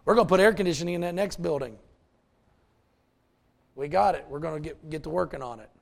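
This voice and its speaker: A male pastor preaching a folksy, animated sermon with asides to the congregation. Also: a little high, brisk, vocal fry.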